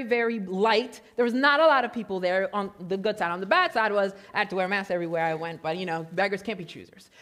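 Pastor guy from puerto rico preaching, high voice that swings all over, gets loud and excited. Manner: storytelling, self-deprecating humor. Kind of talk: sermon.

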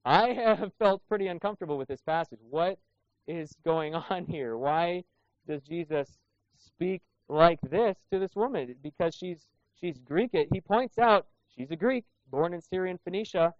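A male pastor with a high, animated voice takes his time through a conversational sermon, asking the congregation rhetorical questions. There's no room sound, though the recording itself is dull and lo-fi.

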